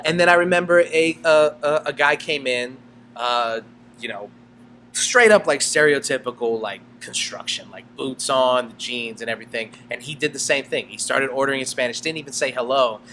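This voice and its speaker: A man who grew up in South America co-hosts a casual podcast, telling stories animatedly, laughing often, and acting out customers in different voices. His voice is mid-range at a moderate pace, with slight background noise.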